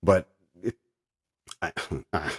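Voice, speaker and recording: Husky, low-voiced ranting man. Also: extremely slow, no echo, studio quality. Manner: profane, ranting, sarcastic. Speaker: podcast host. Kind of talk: casual chat.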